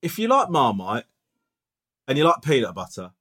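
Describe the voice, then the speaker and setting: A man's voice: mid-range voice, wildly swooping pitch, normal speed, bright, forceful tone, slightly rough. A man co-hosting a podcast, chatting casually and teasing his friend with jokey banter. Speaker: podcast co-host. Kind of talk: casual comedic chat.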